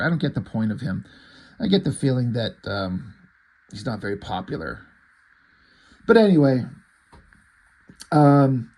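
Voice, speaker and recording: Husky guy rambling thru a comic review, swears a lot, kinda high voice. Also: a little mellow. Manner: rambling, profane, enthusiastic.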